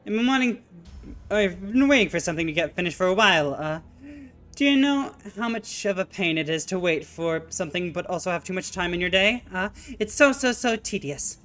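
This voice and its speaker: Bright-toned, pompous male factory boss from a game with an overdone put-on Italian accent, rattling off hustle talk like time is money, as a streamer puts him on. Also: medium pitch, lively intonation, faint music behind, natural voice. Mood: whining. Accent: exaggerated put-on Italian. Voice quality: brisk, boastful, impatient. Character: fast-talking pompous male factory owner. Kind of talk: reading game dialogue aloud.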